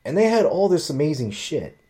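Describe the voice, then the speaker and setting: A man's voice: fairly high pitch, a little fast. A man casually telling a long personal story, rambling and swearing freely, acting out what others said. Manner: rambling, profane, animated quoting of others.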